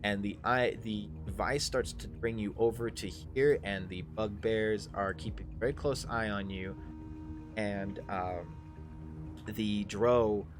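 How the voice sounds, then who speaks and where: Low-voiced, halting game master. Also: male voice, fairly even intonation, over music. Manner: halting, full of ums and uhs. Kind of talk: live tabletop game narration.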